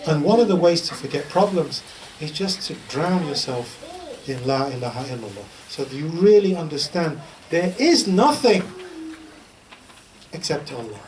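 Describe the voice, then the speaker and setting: A man's voice: a little high, sing-song, normal speed, darkish tone. A man giving an informal religious teaching talk in a lecture room, chatty and humorous, telling stories and repeating a chant. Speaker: Islamic teacher. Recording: distant mic with faint background noise.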